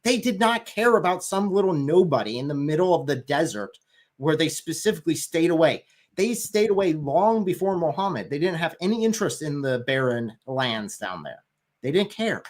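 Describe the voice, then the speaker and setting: A man's voice: fairly high pitch, lively intonation, normal speed. A man making his case in a livestream discussion, emphatic and sarcastic at times.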